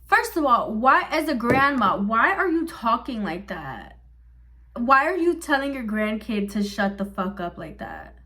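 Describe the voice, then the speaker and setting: A woman's voice: on the high side, sing-song, unhurried, sharp tone. A young woman vlogger in casual get-ready-with-me chat from her bedroom, loose, chatty and profane.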